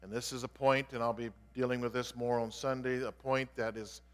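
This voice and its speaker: Pastor preaching in a reverberant hall. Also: male voice, mid-range voice, flat delivery, brisk. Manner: earnest, explanatory, stressing key words. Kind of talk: expository sermon. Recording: long reverb of a large hall.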